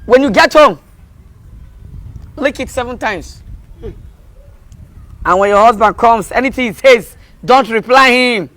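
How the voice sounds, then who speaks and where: A man voicing an old village herbalist priest in a comedy skit, chanting and laughing loudly as he gives his remedy. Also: very high-pitched, unhurried, pauses often, a little hiss or hum, full character voice. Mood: solemn. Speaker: spiritual healer. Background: music.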